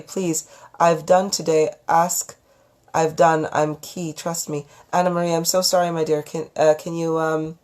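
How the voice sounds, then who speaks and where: A woman hosting a live psychic stream, talking in a calm, gentle, affectionate way as she counsels viewers on relationships and reads out their comments. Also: on the low side. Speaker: psychic reader and channel host.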